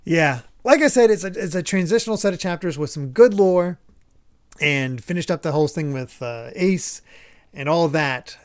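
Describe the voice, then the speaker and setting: Podcast host, man, slightly higher voice, animated casual storytelling. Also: moderate pace, clean tone. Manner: animated retelling with frequent laughs and acted quotes. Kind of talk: casual chat recapping manga chapters.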